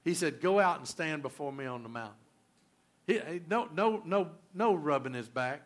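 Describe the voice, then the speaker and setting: Male pastor, fairly high voice, preaches with repetition and sudden drops to near-quiet. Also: animated, normal speed. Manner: emphatic, repetitive preaching with big swings in loudness. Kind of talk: sermon.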